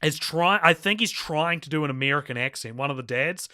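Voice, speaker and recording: Rambling podcast co-host, bright and forceful, dry close mic. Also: male voice, a little high, fairly quick, dry recording. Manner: animated, rambling, laughs often. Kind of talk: casual film review chat.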